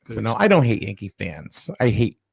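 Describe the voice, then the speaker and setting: A man casually chatting and telling a story with lively energy, acting out the people in it. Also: on the low side, moderate pace, gravelly, husky, dry recording, studio quality. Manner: animated storyteller, acts out quoted people loudly.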